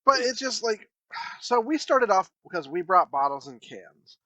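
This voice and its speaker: High-pitched, animated ranting man. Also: moderate pace, no room sound, rough recording. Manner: animated, profane ranting storyteller. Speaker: podcast co-host. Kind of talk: casual chat.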